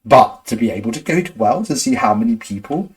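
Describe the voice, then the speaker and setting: Lively man telling a rambling story. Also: mid-range voice, fairly quick, poor audio. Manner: rambling, full of "like" and "sort of", laughs often. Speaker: host. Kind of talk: casual storytelling chat.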